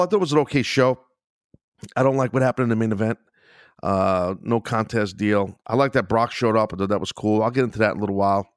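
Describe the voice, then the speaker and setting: Low-pitched and recorded dry with clean studio sound, this podcast host delivers a solo rant. He's agitated and fed up, cursing frequently and letting out repeated sighs.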